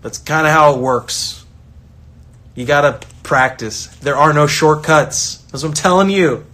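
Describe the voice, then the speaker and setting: A man talks in a loose, motivational style, full of energy and quick restarts. His voice sits a little higher than most men's. He often slips into acted-out voices of the people he quotes. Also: pushed and bright. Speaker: soccer coach and online creator. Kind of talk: casual motivational talk.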